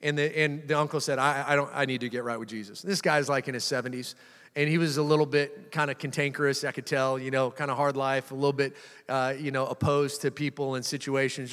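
A man's voice: fairly high pitch, a bit bright. A man preaching a sermon, telling a personal story in a casual way and building to fervent proclamation. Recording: hall reverb.

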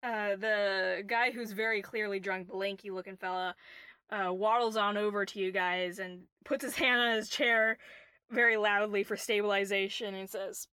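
A woman narrating a tabletop game as game master, relaxed and full of fillers. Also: mid-range voice, moderate pace, clear, resonant tone, dry recording. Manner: relaxed, filler-heavy, giggly.

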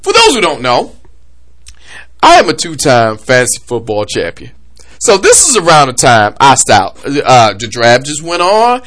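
A podcast host with a mid-range male voice speaks a little slowly as he launches into a heated, comedic rant about sports coverage. He's animated and full of energy throughout.

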